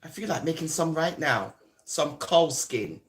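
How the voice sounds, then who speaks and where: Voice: mid-range voice, expressive. A speaker from Jamaica, delivering a teasing, taunting comic monologue and drawing words out. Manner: teasing, sing-song, drawn-out words.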